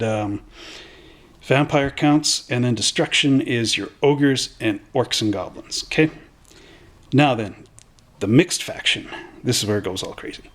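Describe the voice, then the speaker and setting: Guy in a hobby shop rambling about tabletop rules, mid pitch, keeps correcting himself. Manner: rambling, self-correcting, chuckling. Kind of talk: casual rules talk.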